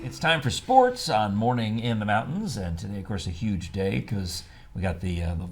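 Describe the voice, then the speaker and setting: A man's voice: lowish voice, expressive, loud music behind the voice. A man hosting a morning show, chatting playfully and cracking jokes with his sports director. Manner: playful, quick to joke. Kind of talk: casual morning show chat.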